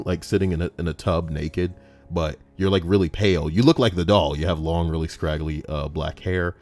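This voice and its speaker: A man's voice: low-pitched, fairly even intonation, moderate pace, darkish tone. A young man hosting a comedic commentary, reading online stories aloud, swearing, joking and switching into mock voices.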